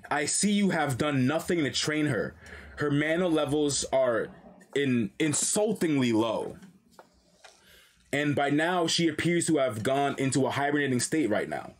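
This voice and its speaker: A man reading out a stern ancient dragon lord's lines in a cold, formal, measured way, a little lower than his own voice. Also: animated.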